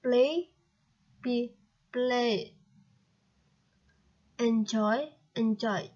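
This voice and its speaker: Slow, halting Indonesian student woman. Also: fairly high pitch, darkish tone, highs cut off. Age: young adult. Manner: slow, halting reading with spelled-out letters. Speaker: student presenter. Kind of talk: reading a grammar lesson aloud.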